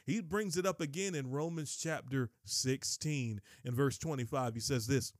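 A man's voice: medium pitch, no echo, studio quality. Folksy Southern man teaching scripture. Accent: Southern US, rural North Carolina. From Kinston, North Carolina, USA. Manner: lively, folksy, swings between fast asides and slow emphatic reading. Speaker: podcast host and Bible teacher. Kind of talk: casual Bible teaching podcast.

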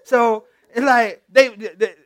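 A man's voice: very high voice, slow pace, no echo. A male pastor giving a conversational, interactive sermon, teasing members of the congregation and retelling scripture.

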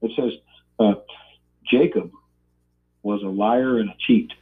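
A man's voice: on the low side, steady tone, slow. A man who is a guest chef on a podcast, chatting casually in a hesitant way with many uhs. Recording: tinny phone line.

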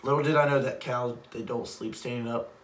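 A man's voice: mid-range voice, fairly even intonation, brisk. Rambling young man, distant roomy sound. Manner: rambling, laughs often, heavy use of "like". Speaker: podcast co-host. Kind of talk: casual storytelling chat. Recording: roomy, distant mic, faint background noise.

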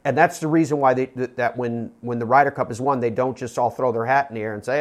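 A man's voice: mid-range voice, fast talker. A man hosting a golf radio show, talking casually, reeling off names and often restarting his sentences. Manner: rambling, self-correcting, reels off names. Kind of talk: casual sports radio talk.

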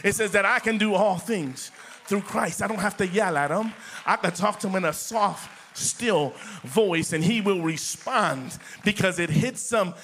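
Pastor, middle-aged man, high and bright, impassioned repetitive preaching. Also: a little slow, a little hiss or hum. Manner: impassioned preaching, repetitive, addresses the congregation as church. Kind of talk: sermon.

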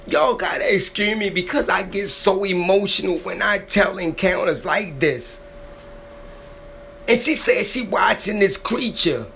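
This man's high voice has vocal fry and sounds bright and forceful, with slight background noise behind it. He tells the story of someone's frightening encounter emotionally and dramatically, repeating himself, his voice swelling when emotion takes over.

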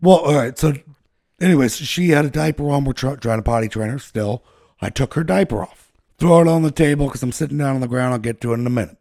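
A man's voice: medium pitch, fast, creaky, a little mellow, dry recording, studio quality. A man casually telling a long, profane story to friends, rambling and laughing at himself. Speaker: podcast co-host telling a story.

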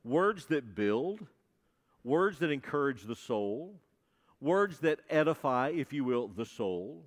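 A man preaching a sermon to a congregation, emphatic and repetitive, often pausing to ask the listeners questions. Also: medium pitch, sing-song. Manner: emphatic, repeats key phrases, asks the congregation questions. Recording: long hall reverb.

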